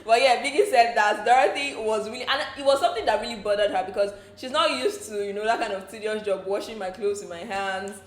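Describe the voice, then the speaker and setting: Nigerian woman, gossipy recap host, mid-pitched, echoey room. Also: fast, few pauses. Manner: chatty, laughs often, slips into pidgin asides. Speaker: entertainment show recap host.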